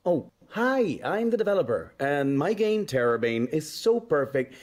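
A smug game developer. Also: male voice, a little high, big pitch swings, measured pace, darkish tone. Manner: flippant, dismissive.

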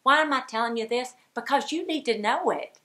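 Bright, emphatic woman preaching. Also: high voice, lively intonation, a little fast. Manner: emphatic, repetitive preaching with forced laughter bursts. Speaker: speaker at a women's ministry gathering. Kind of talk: sermon.

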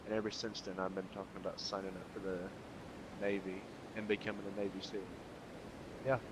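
A man's voice: lowish voice, flat delivery, fairly quick. An American man joking and teasing his friends in casual banter while playing an online game over a headset. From United States. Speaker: gamer in a voice chat. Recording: noisy gaming voice chat.

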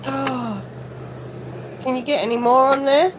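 A woman's voice: high-pitched, measured pace, a little hiss or hum. A woman giving mocking, gossipy commentary over a video she is reacting to. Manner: sarcastic, gossipy asides.

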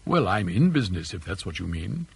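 A man's voice: deep voice, very animated, fairly quick, gravelly, husky, dry recording, voice pushed down, exaggerated voice. A man voicing an awkward, nervous young businessman who talks in a hesitant, puzzled way.

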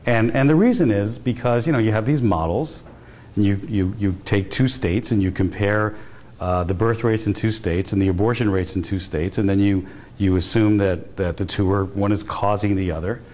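A man's voice: fairly low pitch, normal speed, a little mellow, a little hiss or hum. A male professor giving a guest lecture in a university hall, telling stories in a conversational way, often restarting his sentences. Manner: conversational storytelling with frequent restarts.

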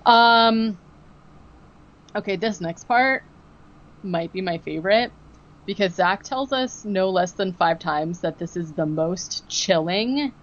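A woman podcast co-host chats casually as she recaps an episode, mid-pitched, slipping into acted-out quotes and peppering her talk with "like" and "um". The recording sounds a little dull and lo-fi. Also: slow pace. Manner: animated storytelling, acting out quotes, many fillers like "like" and "um".

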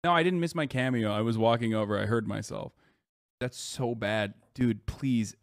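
A man's voice: medium pitch, normal speed, no echo, clean studio sound. A man in his thirties commenting on a video during a live stream, reading chat aloud and ranting with heavy swearing. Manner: reads viewer chat aloud.

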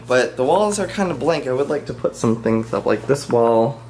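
A man's voice: normal speed, hardly any pauses, darkish tone. A young man in casual vlog chat, chatty and jokey, with lots of fillers. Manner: chatty, filler-heavy, jokey, squeals into falsetto bits. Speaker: vlogger. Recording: music bed under the voice.

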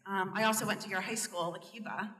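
A woman's voice: mid-range voice, steady tone, fast, very noisy. A woman asking a question from the audience, friendly and chatty. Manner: friendly, chatty, laughs easily. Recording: distant mic in echoey hall.

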